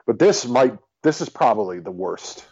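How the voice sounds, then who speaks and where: A man's voice: normal speed, husky, dry recording. A man co-hosting a casual movie review podcast, blunt and exasperated, cursing freely. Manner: blunt, animated, swearing exasperation. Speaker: podcast co-host. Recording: dull dry low-fi mic.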